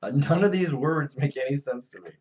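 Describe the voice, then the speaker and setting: A man's voice: on the high side, a little fast, a little mellow, muffled recording. A man cracking jokes as co-host of a live comedy stream. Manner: playful, joking.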